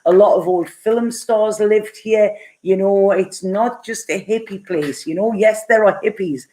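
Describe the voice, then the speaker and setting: A middle-aged woman chats her way through a live tarot reading, picking up viewer comments as she goes. She rambles and laughs often, with plenty of fillers. Her voice sits at an ordinary middle pitch. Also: a little slow, dark tone. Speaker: tarot reader.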